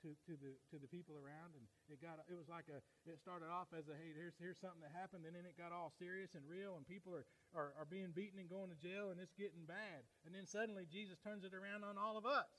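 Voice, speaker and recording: A man's voice: high voice, steady tone, quick pace, hardly any pauses, bright, forceful tone, rough recording. A man preaching a sermon as pastor, retelling a parable in a conversational, folksy way with asides to the congregation.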